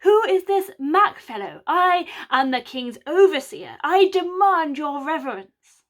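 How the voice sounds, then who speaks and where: A woman's voice: sits high, big pitch swings, unhurried, pitched above the performer's own voice. A woman voicing Mac, a cocky medieval thief faking a posh southern English accent, who blusters haughtily and then stammers out excuses. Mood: pompous. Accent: overblown posh southern English, put on. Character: cocky thieving medieval man, posh and pompous.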